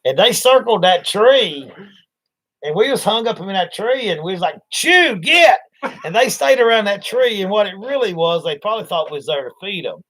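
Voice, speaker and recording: A man's voice: high voice, expressive, fairly quick, a bit bright. A man, hosting a livestream and telling rambling, folksy stories, acting out the voices. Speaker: livestream host. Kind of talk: casual storytelling chat.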